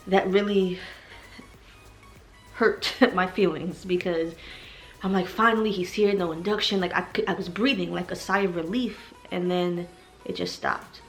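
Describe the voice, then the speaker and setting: A heavily pregnant young woman vlogging to her viewers, talking in an emotional, rambling way and growing tearful at times. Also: on the low side. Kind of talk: personal vlog confession.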